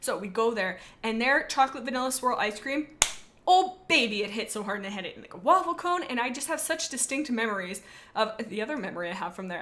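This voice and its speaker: Bright, rambling young woman streamer. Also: a little high, brisk. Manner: rambling and animated, tells stories with asides. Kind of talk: casual live-stream chat.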